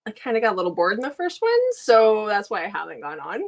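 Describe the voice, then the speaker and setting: A woman hosting a casual book review interview. She asks relaxed questions and laughs often. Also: medium pitch, quick pace. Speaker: book review show host.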